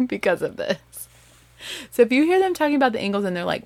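A woman with a Southern accent chatting casually as a host, animated, laughing and correcting herself as she goes. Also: medium pitch, a little fast, no room sound. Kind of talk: casual chat.

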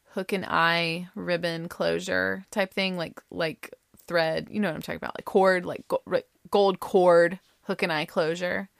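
A woman telling a personal story in a casual, animated way, dropping into hushed asides. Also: on the low side, vocal fry, dry recording, clean studio sound. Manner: animated, dramatic, slips into voices and hushed whispers.

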